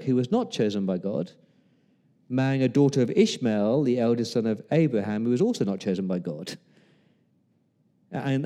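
A man's voice: medium pitch, dark tone. A man preaching a sermon as pastor, retelling Bible scenes with humor and acting out the lines of the people in them. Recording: long hall reverb.

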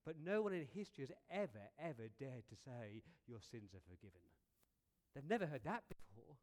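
A man preaching a sermon as a lively, conversational story, often repeating words and asking rhetorical questions. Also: a little high, a little fast.

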